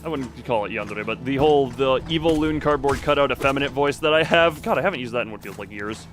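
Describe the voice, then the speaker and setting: This streamer is a fast talker with a mid-range, somewhat bright voice, and faint music plays behind him. Chatting casually as he plays, he rambles, breaks off mid-sentence often, and talks to chat and to himself alike.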